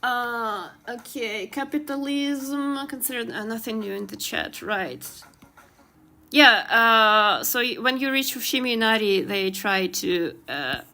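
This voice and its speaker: A young woman with a heavy Slavic accent talks through a drawing stream, slow and unhurried. Her voice sits a touch high and very bright. She laughs often and fills pauses with "uh". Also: expressive. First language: Ukrainian. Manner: chatty, giggly, trails off with many fillers. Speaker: streamer and artist. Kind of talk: casual live-stream chat while drawing.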